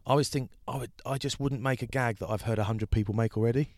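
A man's voice: medium pitch, fast talker, no echo. Dry-voiced man telling a story. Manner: storytelling, animated, mimics people mid-anecdote. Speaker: podcast co-host. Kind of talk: casual chat.

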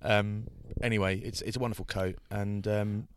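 A man co-hosting a casual chat, telling anecdotes in an animated way and mimicking other people. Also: on the low side, normal speed, smooth. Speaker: podcast co-host.

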